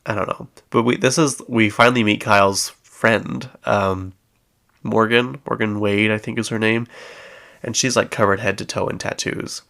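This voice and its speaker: A man's voice: fairly low pitch, steady tone, normal speed, creaky, a bit bright. A man hosting a podcast, chatting casually through a gossip recap with plenty of fillers and acted-out quotes. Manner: chatty, acts out quoted lines, frequent fillers. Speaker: podcast host.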